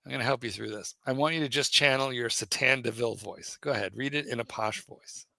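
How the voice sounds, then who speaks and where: Male host, bossy teaser, bright and gravelly, dry close sound. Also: medium pitch, fast, dry recording. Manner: teasing and bossy, pushes his co-host. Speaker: livestream host. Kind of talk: casual livestream banter.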